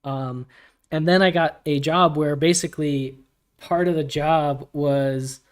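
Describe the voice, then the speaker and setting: Man, livestream host, casual, relaxed, slightly high voice, chatty answers to chat questions. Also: slow. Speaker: community AMA host.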